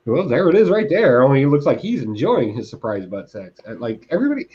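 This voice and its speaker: A man's voice: medium pitch, fast, muffled recording. A man co-hosting a casual comics podcast, ranting with lots of laughs. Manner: animated, ranting, laughs often. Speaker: podcast co-host reviewing comics. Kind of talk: casual chat.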